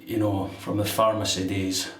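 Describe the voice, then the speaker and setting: A man's voice: fairly low pitch, little pitch movement, normal speed, a bit bright, recorded from a distance. Chatty London man in an echoey bathroom. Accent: London English. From England. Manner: rambling, chatty, laughs at own anecdote. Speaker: shaving vlogger. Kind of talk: casual talk while shaving. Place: bathroom at a sink with running water. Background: running tap water and splashing.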